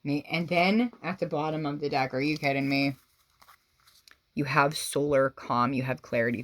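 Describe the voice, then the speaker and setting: A low-pitched tarot reader delivers a reading to her viewers at a moderate pace, with no echo on the audio. Effusive and full of exclamations, she veers from excited bursts to hushed side comments.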